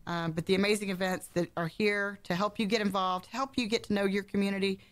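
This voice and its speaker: A woman's voice: medium pitch, fairly even intonation, fast. A woman guest-hosting a local radio show, chatty and bubbly, joking about herself and laughing often. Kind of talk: casual radio chat.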